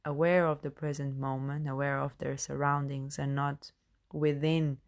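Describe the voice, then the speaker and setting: A woman's voice: a bass voice, flat delivery, normal speed. A woman who is not a native English speaker hosts a podcast as a coach, talking through meditation tips with many fillers and restarts. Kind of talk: casual self-help monologue.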